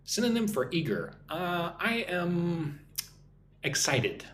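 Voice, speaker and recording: A man's voice: high-pitched, very animated, takes it slowly, slight background noise. Chatty American man teaching English live. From United States. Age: 40s. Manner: chatty, reads viewer comments aloud and answers them. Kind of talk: live-stream English lesson.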